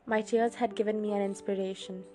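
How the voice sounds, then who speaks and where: A woman hosting a read-along show, reading a novel aloud with expressive storytelling. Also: medium pitch, brisk. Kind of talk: audiobook reading.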